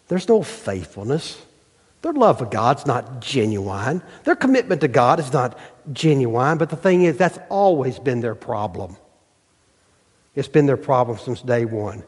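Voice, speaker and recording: A man's voice: medium pitch, lively intonation, unhurried, darkish tone, slightly rough. A male pastor preaching a sermon, putting rhetorical questions to his congregation. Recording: long hall reverb.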